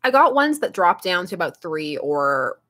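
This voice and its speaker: A woman's voice: lowish voice, very animated, normal speed, fairly bright tone. A young woman live streaming and chatting casually with her viewers, rambling and laughing often as she answers chat. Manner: reads and answers chat aloud.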